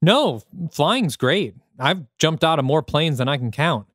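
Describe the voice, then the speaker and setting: A man's voice: on the high side, animated, a little slow, dry recording, clean studio sound, voice pushed up. A man voicing a jumpy ex-soldier adventurer who talks in a nervous, earnest, self-deprecating way, while reading a screenplay aloud.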